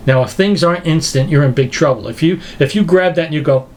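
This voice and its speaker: A man giving an animated lecture, emphatic and incredulous, acting out everyday examples as he goes. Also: fairly high pitch, fast talker, a little hiss or hum. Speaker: speaker teaching a lecture series.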